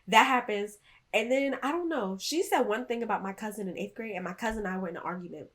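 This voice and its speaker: A woman's voice: mid-range voice, fast. A young woman co-hosting a podcast, telling childhood stories in casual chat and acting out the quoted dialogue. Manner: animated storyteller, acts out quoted dialogue. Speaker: podcast co-host.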